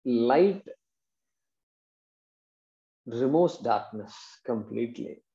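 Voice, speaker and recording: A man's voice: mid-range voice, expressive, drawn-out words, mellow. A man, patiently explaining Sanskrit verses in a class and checking in with his students. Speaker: Vedanta teacher. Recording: dull, roomy classroom recording.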